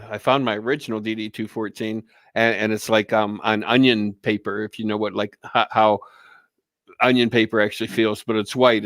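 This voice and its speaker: A man's voice: fairly low pitch, fairly bright tone, dry recording. A man co-hosting a casual talk show, telling stories in a rambling, profane way with many false starts. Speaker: co-host. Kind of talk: casual chat.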